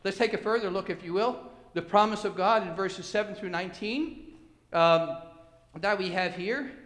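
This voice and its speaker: Male pastor, high voice, earnest sermon delivery, recorded in a roomy reverberant hall. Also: normal speed, a bit bright. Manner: earnest preaching with dramatic rises, restarts and fillers. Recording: echoey hall with long reverb.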